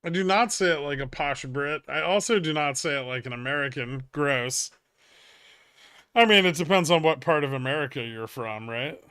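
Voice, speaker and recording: A man with a slightly higher voice hosts a casual livestream, reacting to viewers' comments with dry, teasing banter. His voice sounds close and dry, with almost no room around it. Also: moderate pace, bright, forceful tone, clean tone, no echo. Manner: dry, wry banter answering chat. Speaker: livestream trading host. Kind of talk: casual live-stream chat.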